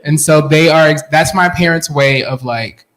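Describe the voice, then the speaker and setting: A man's voice: on the high side, moderate pace, a bit bright. A man in his thirties telling stories casually on a panel, chatty and laughing often. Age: 30s. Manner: chatty, laughs often, mimics family voices. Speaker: guest artist.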